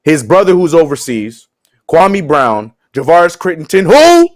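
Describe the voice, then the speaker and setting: Animated man hosting sports talk. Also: a little high, moderate pace. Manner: animated, laughing, joking asides. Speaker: sports show co-host.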